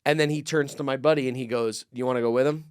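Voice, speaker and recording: A man co-hosting a comedy podcast, telling a story in a casual, animated way, swearing freely and acting out the people in it. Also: medium pitch, fast, smooth, no echo, clean studio sound. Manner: animated, profane, acts out the people in his stories.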